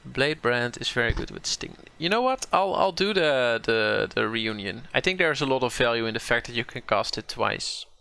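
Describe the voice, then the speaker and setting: A man's voice: medium pitch, lively intonation, normal speed, creaky, hardly any pauses, sharp tone, clear, resonant tone. A man from the southern Netherlands with a Dutch accent, thinking aloud as he plays and streams a card game, often repeating words as he corrects himself.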